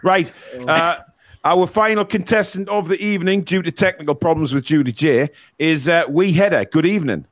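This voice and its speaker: A man's voice: on the high side, normal speed. A man hosting a casual quiz on a live stream, swearing and teasing the callers as he reads the questions. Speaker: quiz host.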